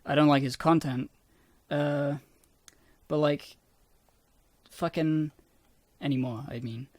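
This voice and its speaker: A man casually rambling about his own old videos, self-deprecating and swearing often, with a somewhat squeaky voice. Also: steady tone, slow, a little mellow, no echo.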